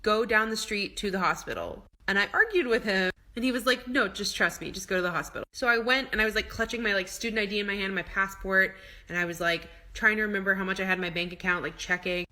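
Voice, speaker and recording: A woman rattles through a personal story at a rapid pace, animated throughout. Her voice is bright and forward. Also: mid-range voice. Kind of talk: storytime clip.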